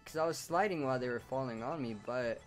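A man giving casual commentary over his own gameplay, with hiccups, swinging between loud surprised outbursts and low muttering. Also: quick pace, soft background music. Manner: excitable, shouts in surprise then mutters low. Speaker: gaming YouTuber.

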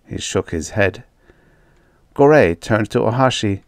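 A man reading a science fiction story aloud as an audiobook narrator, in a steady, descriptive manner. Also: fairly low pitch, unhurried, no echo, clean studio sound. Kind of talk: scripted narration.

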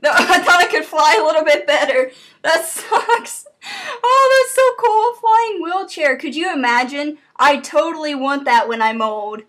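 A woman hosting a let's play, reacting to the game with swearing, laughing and shouting. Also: high-pitched, lively intonation, moderate pace. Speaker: gaming channel host.

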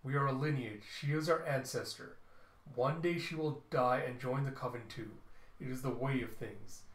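A man's voice: medium pitch, normal speed, close to an everyday voice. A man voicing a cold, imperious witch queen who commands a coven of ghosts, in an echoey room.

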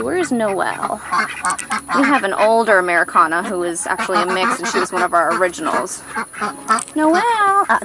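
A woman giving a casual farm tour as a vlogger, often switching to a high, cooing baby-talk voice for the animals. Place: outdoors on a farm. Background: background music.

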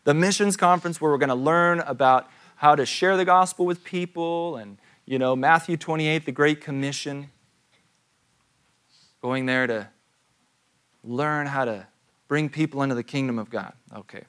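A man's voice: on the high side, moderate pace, a bit bright. A man in his thirties, a pastor giving a sermon in a church, telling a story and asking questions in a conversational way.

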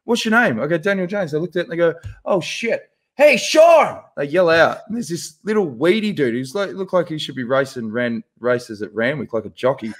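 A man, a podcast co-host telling a profane, animated anecdote in casual chat. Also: fairly high pitch, a little fast, few pauses. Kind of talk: casual storytelling.

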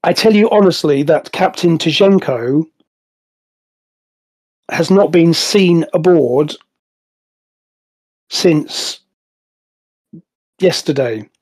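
Guy doing a cagey alien first officer, careful slow talk, mellow tone. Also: on the high side, slightly rough. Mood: guarded. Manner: careful, measured speech.

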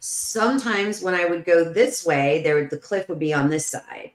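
A woman with a low voice tells her story with lively energy, peppering it with "like" and acting out every voice. The sound is roomy with a clear echo. It has the feel of a casual podcast chat. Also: normal speed. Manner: animated, full of "like", acts out the voices in her story. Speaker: podcast guest.

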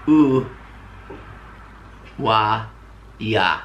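American man, bright slow voice. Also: fairly low pitch, lively intonation. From United States. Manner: careful, hesitant, repeats sounds slowly. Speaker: husband learning Tagalog. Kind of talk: casual home language lesson.

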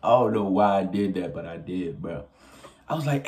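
A young man telling a story casually to his viewers, animated and profane, often laughing as he goes. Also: deep voice, normal speed, a little hiss or hum. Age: young adult. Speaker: vlogger.

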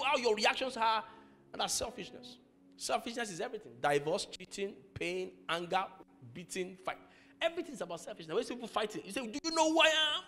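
A man preaching a sermon as pastor of a church, acting out people's quarrels in lively voices. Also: sits high. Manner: animated preacher acting out quarrels, laughing at his own stories.

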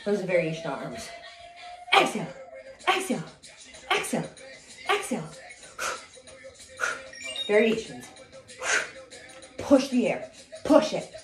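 A woman fitness instructor coaching a low-impact cardio workout, energetic and a little out of breath as she counts reps and cheers people on. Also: slow, long pauses. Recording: echoey room with music.

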